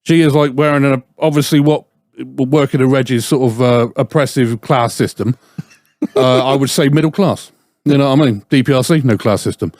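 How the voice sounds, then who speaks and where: A man's voice: mid-range voice, moderate pace, darkish tone, no room sound, studio quality. A man, telling a rambling, sweary story as a podcast co-host. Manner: swearing, rambling, mimics others in stories. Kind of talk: casual chat, storytelling.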